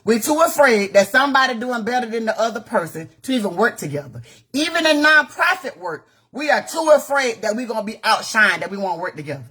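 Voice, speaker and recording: On a live phone video, a Gainesville, Florida woman who works as a community activist delivers a blunt, profane, impassioned rant packed with rhetorical questions. She speaks in a husky voice, on the high side and fairly bright.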